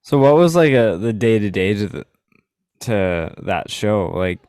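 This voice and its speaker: A man's voice: fairly low pitch, lively intonation, measured pace, darkish tone, clear, resonant tone, dry recording, studio quality. A man hosting a casual interview, mostly giving brief affirming responses and asking questions. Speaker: podcast host.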